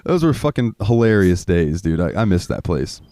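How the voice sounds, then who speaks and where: A man's voice: low voice, big pitch swings, moderate pace, warm tone, no echo. A young man co-hosting a podcast, telling crude stories in casual chat and laughing often. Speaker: podcast co-host.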